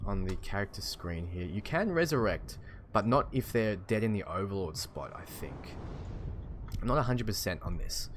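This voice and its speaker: A man's voice: lowish voice, fairly bright tone, a little hiss or hum. A young Australian man with an Australian accent, casually chatting and chuckling as he answers stream chat. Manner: chatty and laid-back, chuckling often.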